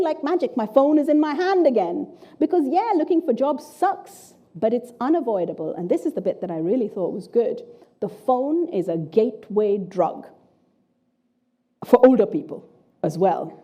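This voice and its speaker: Mellow-voiced middle-aged woman lecturing. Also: fairly high pitch. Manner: animated, reading out interview quotes with blunt swearing. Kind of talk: public lecture.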